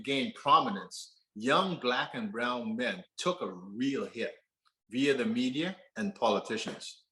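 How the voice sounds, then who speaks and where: Guy telling stories on stage, mid-pitched, echoey auditorium. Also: sharp tone. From Canada. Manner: earnest, conversational, laughs between lines. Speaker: speaker. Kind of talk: personal storytelling talk. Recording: roomy auditorium echo.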